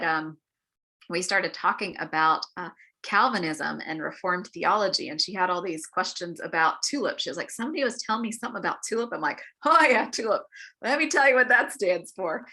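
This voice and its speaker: A woman leads a church Bible class in a bright, clear voice that sits a little low for her. She talks through the lesson in a chatty, storytelling way, with plenty of ums and short acted-out quotes. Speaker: Bible study leader. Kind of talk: adult-forum Bible lesson. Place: church meeting room.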